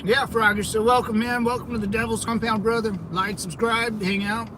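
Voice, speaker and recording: A man's voice: high voice, little pitch movement, normal speed, noisy background. A man livestreaming casually from his car, rambling loosely and greeting viewers by name. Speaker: vlogger streaming while driving.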